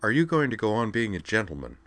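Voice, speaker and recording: A man reading aloud and putting on a wry, forthright young woman student, raised above his own deep voice. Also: sing-song, fast, fairly bright tone, dry recording. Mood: teasing. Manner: wry, teasing.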